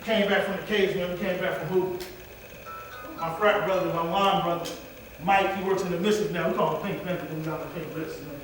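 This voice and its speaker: Faint music plays behind a man giving a motivational speech, his high voice brisk and fairly even in intonation. He addresses the audience like a preacher, heard from afar in an echoey large hall with faint noise.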